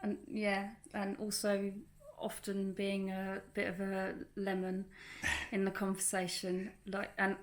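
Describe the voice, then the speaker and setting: A woman's voice: medium pitch, completely flat delivery, unhurried. Chatty woman co-hosting a home vlog. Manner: chatty, laughs often, many fillers and restarts. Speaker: vlog co-host. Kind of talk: casual chat. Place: home in rural France.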